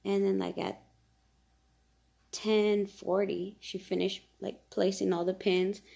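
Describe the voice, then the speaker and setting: A woman's voice: on the low side, gravelly, warm tone. A woman telling a long story in a casual, rambling way, with many fillers and mild swearing.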